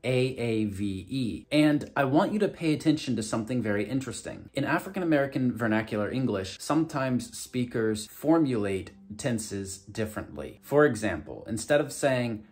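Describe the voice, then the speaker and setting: A male English teacher speaks to camera in a mid-range voice. He explains point by point, clearly and deliberately, and slows down to model each example phrase. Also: mid-range voice, expressive, darkish tone. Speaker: English teacher and video host.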